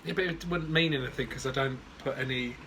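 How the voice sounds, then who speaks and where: A man's voice: mid-range voice, quick pace, pushed and bright. A man co-hosting a podcast, giving dry, teasing replies in casual chat. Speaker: podcast co-host. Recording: faint background noise.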